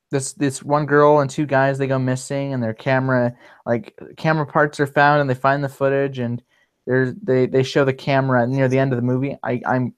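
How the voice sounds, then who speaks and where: A man's voice: medium pitch, smooth. A man hosting a casual livestream, rambling with many fillers and restarts. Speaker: livestream host.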